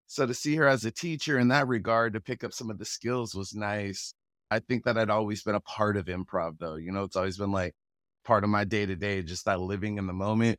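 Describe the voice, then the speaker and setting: A man's voice: on the low side, dry recording. Laid-back storytelling man, dry sound. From Pacific Northwest, USA. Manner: relaxed, chuckles often, acts out quoted voices. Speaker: guest, rapper and actor. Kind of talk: casual conversational storytelling.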